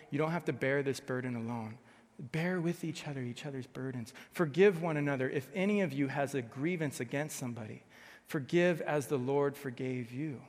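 A young man preaching a sermon with passion, swinging from loud emphatic bursts to soft hushed passages. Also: medium pitch. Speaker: pastor. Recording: long hall reverb.

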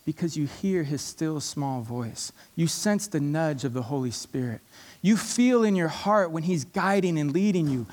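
A male preacher delivering a sermon with earnest passion. He leans on repetition to drive each point home, and his voice sits a little above the usual male pitch. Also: expressive, moderate pace, darkish tone. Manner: passionate, emphatic, repeats key phrases.

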